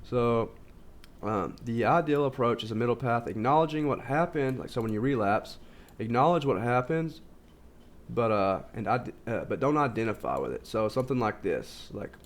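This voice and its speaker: A man's voice: medium pitch, lively intonation, normal speed. A man talking casually in a rambling self-help monologue, full of fillers and restarts. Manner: informal, says "like" constantly. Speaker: video host.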